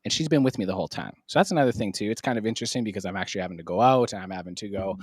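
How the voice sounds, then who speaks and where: A man hosting a live stream from his home studio, chatting in an energetic, joking way. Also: on the low side, husky, no echo. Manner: energetic, joking, talks fast. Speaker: live stream host and producer. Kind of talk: casual live stream chat.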